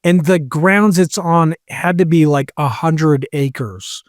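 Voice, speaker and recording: Man in his podcast chair telling a rambling story, voice a bit high, dry booth sound. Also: slow pace, no echo. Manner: rambling, quotes people with "he's like". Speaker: podcast co-host. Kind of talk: casual storytelling chat.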